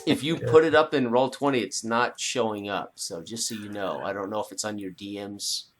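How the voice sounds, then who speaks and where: A man's voice: on the low side, moderate pace, a little hiss or hum. Jokey male player. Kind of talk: casual game chat.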